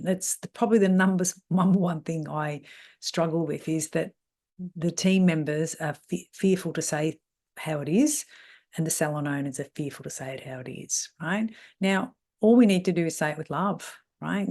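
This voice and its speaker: A middle-aged woman, talking as a salon mentor in an animated way. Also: fairly low pitch. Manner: animated, mimics voices when quoting people. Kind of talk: talk on salon team issues.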